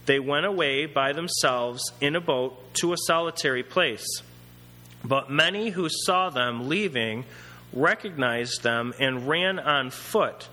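A male preacher with a bright, forceful voice that leaps up and down in pitch as he retells the story. He talks in an easy conversational way and drops into acted-out voices. A long reverb hangs on his words, as in a big hall. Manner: conversational, animated, acts out characters. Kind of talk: sermon.

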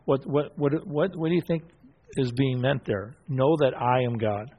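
Questions go out and answers get affirmed as this man teaches a Bible study group in a mid-range voice. He is halting, restarting often and using lots of fillers, and the recording is muffled.

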